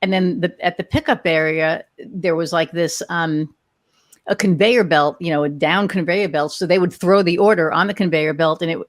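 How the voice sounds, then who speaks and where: On her podcast, a woman in her sixties chats through meandering stories and cracks jokes about her age, in the manner of a casual interview. Her pitch sits on the low side, her tone stays steady, and she talks at a normal speed. The audio is studio quality, without any room sound.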